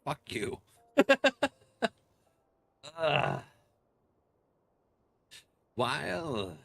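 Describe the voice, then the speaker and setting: A man's voice: lowish voice, very animated, slow, long pauses, bright, forceful tone. A man streaming a game, chatting casually, joking, swearing and laughing often. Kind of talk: casual live-stream commentary.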